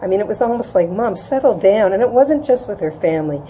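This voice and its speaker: A woman's voice: animated, quick pace, warm tone, slight background noise, rough recording. A middle-aged woman giving an informal religious talk to a room, conversational and often asking "right?", acting out quoted voices. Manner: conversational, asks "right?" often, acts out quotes with rising pitch. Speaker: Jewish women's class teacher. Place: room with an audience.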